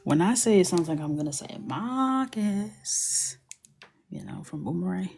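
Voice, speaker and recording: A woman hosting a coloring livestream, chatting and joking casually as she works, often dropping into a soft murmur. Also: on the low side, sing-song, measured pace, gravelly, a little hiss or hum. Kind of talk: casual chat while coloring.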